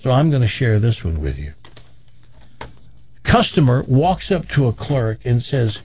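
Gravelly, husky male radio host. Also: medium pitch, very animated, a little slow, darkish tone, highs cut off. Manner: chatty, rambling, tells jokes. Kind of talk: casual talk radio with live ad reads.

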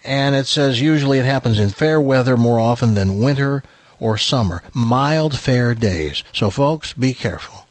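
A man's voice: medium pitch, moderate pace, no room sound. A man hosting a radio talk show, telling jokes and stories. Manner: animated storyteller with lively voices. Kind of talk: joke-telling radio banter.

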